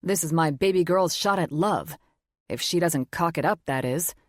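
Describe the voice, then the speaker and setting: A woman voicing a blunt, teasing older father who booms and talks crude. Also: normal speed, dry recording, clean studio sound, natural voice. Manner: booming, crude, wisecracking.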